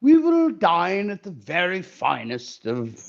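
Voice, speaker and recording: Man doing a pompous high-flown bulldog suitor. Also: huge pitch swings, creaky, lo-fi sound, full character voice. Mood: grandiose. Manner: grand, slow, showy speech.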